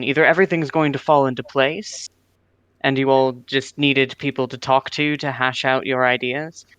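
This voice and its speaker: A man's voice: medium pitch, fairly bright tone, clear, resonant tone, dry recording. A man player speaking in character during a tabletop game, thoughtful and formal.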